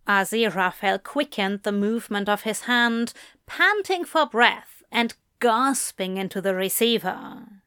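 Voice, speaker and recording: A woman narrating a romance story in a slow, steady, intimate reading. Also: medium pitch, clear, resonant tone, no echo, studio quality. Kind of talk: audiobook fan fiction reading.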